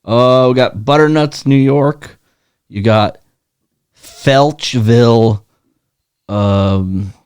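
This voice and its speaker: A man's voice: mid-range voice, drawn-out words, long pauses, darkish tone, smooth, no room sound, clean studio sound. A man co-hosting a podcast in casual chat, riffing on crude puns and joking with his partner. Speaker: podcast co-host.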